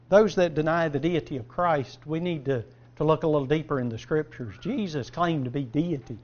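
High-voiced preacher firing rhetorical questions. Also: male voice, expressive, moderate pace, darkish tone. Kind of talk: sermon. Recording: dull lo-fi sermon recording.

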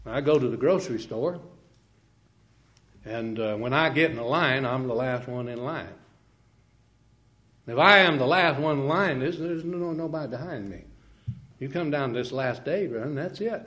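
A man preaching a sermon, swinging from quiet, folksy asides to loud, slow, ringing scripture quotes, with small laughs and restarts. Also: mid-range voice.

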